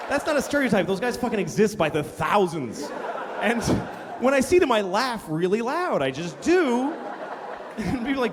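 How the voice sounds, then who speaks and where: A middle-aged man doing a stand-up comedy set, ranting and profane, now and then shouting in put-on voices. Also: sits high, very animated, brisk, background noise. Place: comedy stage before a live audience. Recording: live hall with long reverb, faint crowd.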